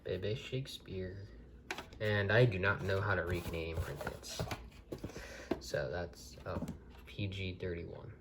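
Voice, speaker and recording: A man's voice: deep voice, steady tone, a little slow, very noisy. A man reviewing a collectible video tape from the desk in his bedroom, talking casually and rambling with many restarts.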